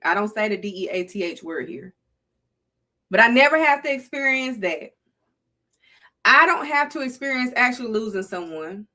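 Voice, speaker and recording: Her voice leans high with a sharp tone as this middle-aged woman with a Southern US accent runs a casual livestream. She addresses her chat in a playful, preachy way.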